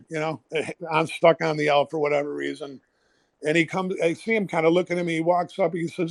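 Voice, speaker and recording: Guy, ex floor trader, gravelly and kinda high, swears a lot, dry close sound. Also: normal speed, dry recording. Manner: animated, swearing, acts out quoted people. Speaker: former pit trader. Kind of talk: casual storytelling. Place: online audio room.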